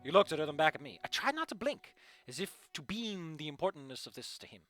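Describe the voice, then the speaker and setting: A man reading a story aloud and breaking off with animated, sarcastic asides to the characters. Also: fairly high pitch, fast, dry recording, faint music behind. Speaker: fanfiction reader.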